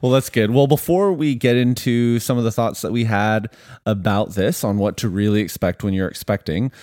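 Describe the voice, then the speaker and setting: A man's voice: on the low side, moderate pace, no echo. Canadian male host, easy and upbeat, dry studio sound. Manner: relaxed and upbeat, laughs along. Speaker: podcast host. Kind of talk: casual chat.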